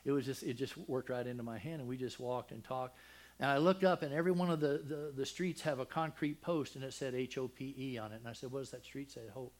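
An older man preaching a sermon, telling a personal family story with deep feeling, dropping to a hush and then rising loud, with many restarts. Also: fast talker. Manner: emotional, swings from loud and high to hushed and soft; rambling with frequent restarts.

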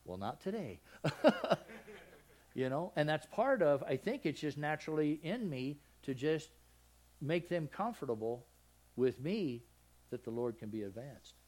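A Southern man delivers a sermon in a plain, folksy way. His voice sits a little high, and he keeps turning to his listeners with questions. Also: expressive, moderate pace, darkish tone. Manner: folksy, conversational preaching with questions to the congregation. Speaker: pastor.

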